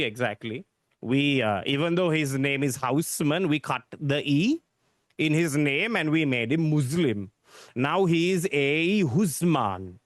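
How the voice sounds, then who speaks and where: Sri Lankan English tutor, lively and slow. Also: male voice, high voice, no echo, clean studio sound. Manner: repetitive, emphatic, drills points for students. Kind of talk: exam-focused literature lesson.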